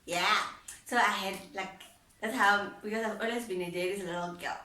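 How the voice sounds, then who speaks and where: A young woman vlogging about her life, animated and laughing as she acts out both sides of past conversations. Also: medium pitch, moderate pace, recorded from a distance, a little hiss or hum. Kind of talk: personal storytelling. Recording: roomy echo, voice set back from the mic.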